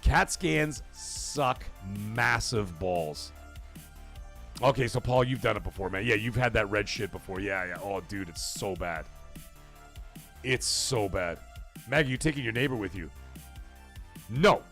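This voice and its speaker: With soft background music behind him, a man running a laid-back live stream reads viewer comments and rambles through profane, animated anecdotes. His fairly low, creaky voice is unhurried, and he pauses often.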